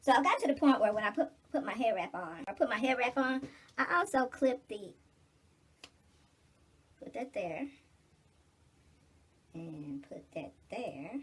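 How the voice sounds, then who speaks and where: A woman's voice: on the high side, expressive, measured pace, long pauses, slight background noise. A middle-aged woman in casual get-ready-with-me chat, blunt, preachy and full of cursing. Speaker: vlogger.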